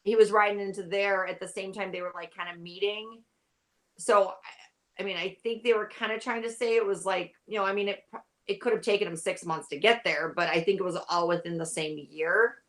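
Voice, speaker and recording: A woman's voice: medium pitch, fairly even intonation, fairly quick, a bit bright. A tired woman guest in a casual chat, rambling and saying "like" a lot. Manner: rambling, heavy use of "like". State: tired, yawning. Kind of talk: casual chat about a TV show.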